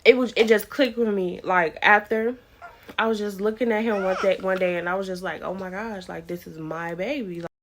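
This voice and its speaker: A young woman talks to the camera in a relaxed, chatty way. She repeats words and acts out what others said. Her voice sits at an ordinary middle pitch. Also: brisk, a little hiss or hum. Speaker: vlogger. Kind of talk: casual storytelling to camera.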